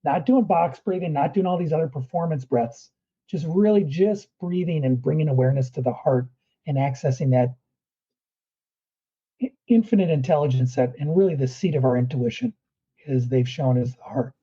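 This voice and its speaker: A man's voice: on the high side, normal speed, mellow, husky, dull audio. A man who is a guest performance coach, talking earnestly through breathing steps in a podcast interview.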